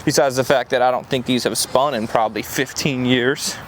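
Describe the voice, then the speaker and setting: A young man casually vlogging about a truck build, relaxed and peppered with "dude". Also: medium pitch, a little fast. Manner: laid-back, says "dude" a lot. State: out of breath. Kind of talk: casual shop vlog talk. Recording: noisy outdoor camera audio.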